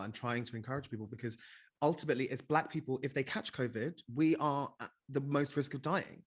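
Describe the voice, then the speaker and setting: A man's voice: mid-range voice, fairly quick, breathy edge. A young man with a mid-range voice chats on a podcast. He is blunt and sweary, throwing in dry jokes as he talks. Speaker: podcast co-host. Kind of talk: casual chat.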